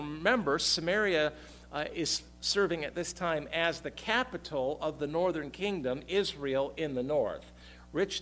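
A man teaching a Bible study to his congregation, speaking haltingly with frequent fillers and repeated words, and calling on members by name. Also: mid-range voice, fairly bright tone. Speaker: pastor.

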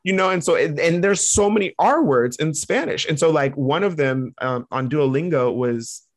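A man co-hosting a podcast in casual chat, animated and laughing often. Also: a little high, moderate pace. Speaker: podcast co-host.

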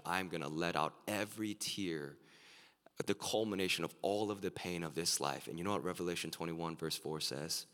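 A man preaching an earnest sermon as a pastor, his voice turning excited and emphatic at times. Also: low-pitched, normal speed. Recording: live sermon with long hall reverb.

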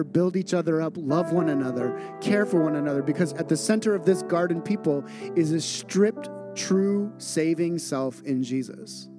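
Earnest male pastor over soft music. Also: on the high side. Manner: earnest, repeats phrases for emphasis. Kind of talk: sermon. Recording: music playing underneath.

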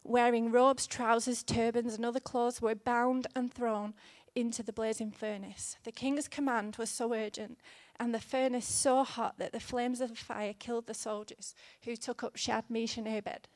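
A woman in her thirties delivers a sermon, earnest and gently conversational. Her voice sits a little high and is caught close with no room sound. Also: flat delivery, normal speed, few pauses, dry recording. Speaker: preacher.

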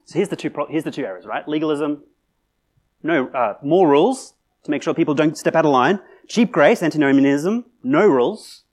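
A man's voice: a little high, animated, normal speed, darkish tone. Conversational male pastor preaching. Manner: conversational preaching with filler words and restarts, rising to emphatic climaxes. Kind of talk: sermon.

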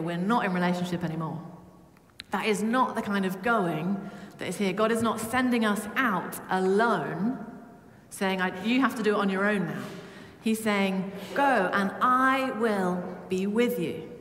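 Woman, humorous lively preacher, mid pitch, roomy church echo. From Britain. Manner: humming song snippets. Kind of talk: sermon. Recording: echoey church with long reverb.

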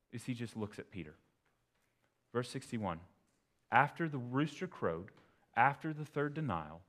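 A pastor giving an expository sermon in a conversational way, breaking into sudden emphatic bursts. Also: male voice, on the low side, fairly bright tone.

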